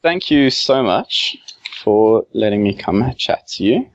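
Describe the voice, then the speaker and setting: Deep-voiced man on lo-fi audio. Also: lively intonation, slow. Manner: rambling, many fillers. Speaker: game developer guest. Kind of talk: casual podcast interview. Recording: dull lo-fi remote audio.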